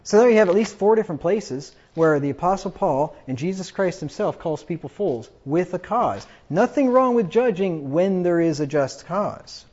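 A man preaching a sermon, quoting scripture emphatically and getting louder on the quotes. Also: high-pitched, animated, moderate pace, hardly any pauses. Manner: emphatic, rises loud when quoting scripture. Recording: dull lo-fi recording.

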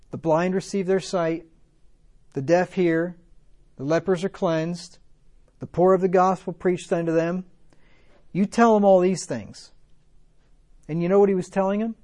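The preacher's voice sits high with a darkish tone. Reading from scripture, he poses rhetorical questions in a conversational way, and his sermon climbs to fervent emphasis.

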